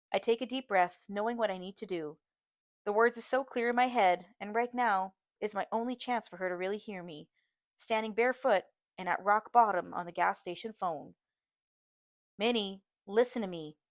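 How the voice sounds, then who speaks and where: A woman's voice: medium pitch, fairly quick, dry recording. Woman reading a novel aloud, dry. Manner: steady, earnest storytelling. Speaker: audiobook reader, teacher. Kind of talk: first-person audiobook narration.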